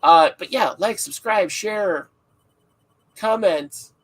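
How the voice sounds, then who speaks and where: A man's voice: high-pitched, slow, a bit bright, low-quality recording. A man hosting a casual livestream podcast, rambling and joking with frequent laughs, sounding tired. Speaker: podcast host.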